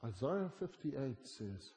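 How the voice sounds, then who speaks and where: A man preaching a sermon, moving between quiet, intimate asides and loud, emphatic lines. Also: mid-range voice, sing-song, slow pace, roomy sound, slight background noise.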